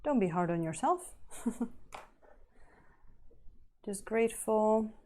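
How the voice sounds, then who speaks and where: A woman paints a miniature live and chats with her viewers as she works. She talks at a slow, unhurried pace in a mellow, warm voice, rambling from thought to thought and laughing often. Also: mid-range voice, expressive. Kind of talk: casual live-stream chat while painting.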